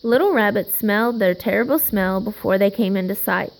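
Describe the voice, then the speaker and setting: A woman reads a children's picture book aloud in a slow, gentle way. Her voice has a gravelly fry to it, and she gives the characters a little life as she goes. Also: medium pitch, poor audio. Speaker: storybook reader.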